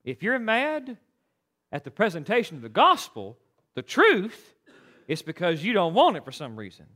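A man preaching from the pulpit in an unusually high voice that leaps around with animated, emphatic swings. His tone is bright and sharp, and he stumbles into quick restarts as he drives his points home. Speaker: pastor. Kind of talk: sermon.

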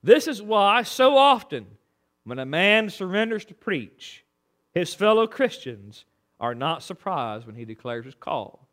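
Preacher guy, high voice, really animated, folksy sermon stories. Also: unhurried. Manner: folksy storytelling, swings between loud preaching and quiet aside.

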